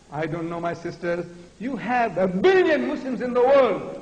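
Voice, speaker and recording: A fiery older man in his seventies lectures with a militant, emphatic force, his voice pitched high and ringing. His words bounce around a large, echoing hall, and the reverb trails long after each phrase. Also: sing-song, moderate pace, darkish tone. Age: 70s. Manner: mocks other speakers with a high, weak voice. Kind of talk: public lecture on religion.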